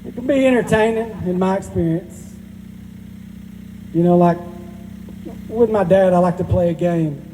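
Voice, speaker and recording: A man's voice: sits high, normal speed, long pauses, warm tone, a little hiss or hum. A man in his forties with a Southern Georgia drawl doing a self-deprecating, crude stand-up set at a live benefit, recorded in a reverberant hall. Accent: Southern US, rural Georgia. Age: 40s. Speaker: stand-up comedian. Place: stage at a live benefit event.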